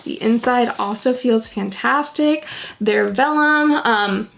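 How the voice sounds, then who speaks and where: A woman's voice: on the high side, takes it slowly, vocal fry, fairly bright tone, a little hiss or hum. A young woman vlogging casually to camera, bubbly and gushing as she talks budgets and unboxes a package.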